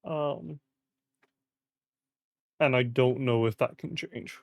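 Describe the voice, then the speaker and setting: A young British man with a mid-range voice and vocal fry talks slowly, recorded dry with studio quality. He rambles casually on a live stream, swearing often and filling gaps with fillers as his voice cracks in the heat.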